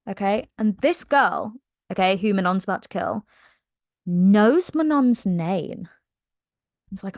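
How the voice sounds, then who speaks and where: A young woman talks through a book in a casual, slangy way, throwing herself into quoted lines with some swearing. Her pitch sits mid-range for a woman. The sound is dry and close, with no room around it. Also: moderate pace, no room sound. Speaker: book vlogger.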